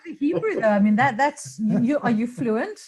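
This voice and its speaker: A woman's voice: fairly high pitch, lively intonation, moderate pace, darkish tone, husky. A woman hosting an interview, encouraging her guest and hesitating with many ums. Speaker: interview host. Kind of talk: casual interview chat. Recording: muffled lo-fi audio.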